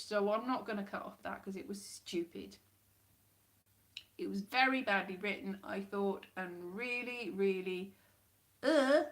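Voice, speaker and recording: A woman hosting a casual livestream from home, rambling, chatty and quick to laugh at herself. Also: medium pitch. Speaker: livestream host.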